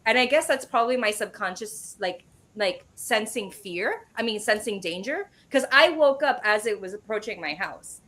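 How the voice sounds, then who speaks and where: A woman guest, a medium, telling a personal story in a casual interview, animated and sprinkled with swearing. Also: medium pitch, moderate pace, hardly any pauses.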